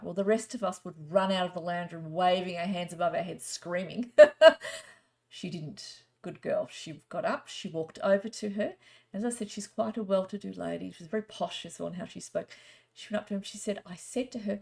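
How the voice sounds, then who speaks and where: A middle-aged woman works as a psychic, chatting through stories and a card reading. She talks in a rambling, gently spiritual way. Her voice sits low and has a gravelly edge. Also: a little fast. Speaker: psychic reader. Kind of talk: casual storytelling and card reading.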